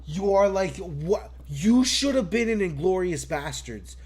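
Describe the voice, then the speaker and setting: A man on a casual wrestling podcast, excitable and profane, laughing often. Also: sits high, a little slow, slightly rough. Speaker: podcast co-host.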